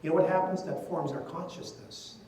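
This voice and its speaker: A man's voice: a little high, fairly quick, mellow. An older man, a priest, giving a conversational talk full of stories and "you know" asides. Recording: distant mic in an echoey hall.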